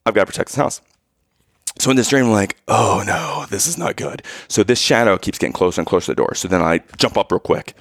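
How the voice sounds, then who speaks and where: Animated gravelly-voiced man telling a story. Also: low voice, quick pace, no room sound, studio quality. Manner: animated storyteller, acts out his own yells. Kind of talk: casual storytelling chat.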